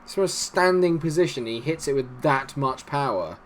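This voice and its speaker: A man giving casual, animated commentary on a football management game, swinging between cheering and grumbling. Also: medium pitch, normal speed, slight background noise. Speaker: gaming YouTuber.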